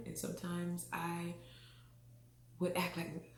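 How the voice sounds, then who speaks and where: A woman's voice: on the low side, steady tone, slow, a little hiss or hum. A woman from the Caribbean telling her own story frankly and expressively, laughing often and acting out what people said. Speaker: vlogger. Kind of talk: candid personal storytelling. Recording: echoey room.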